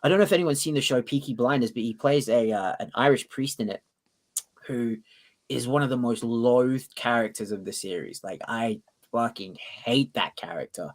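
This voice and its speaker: A man co-hosting a casual podcast debate, talking excitedly in quick bursts with restarts, swearing and acting out scenes he quotes. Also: medium pitch. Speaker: podcast co-host.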